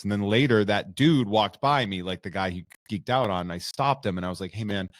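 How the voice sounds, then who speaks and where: A man co-hosting a podcast, telling stories in a loose, profane, animated way. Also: fairly low pitch, fast talker, hardly any pauses. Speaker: podcast co-host. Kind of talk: casual podcast chat.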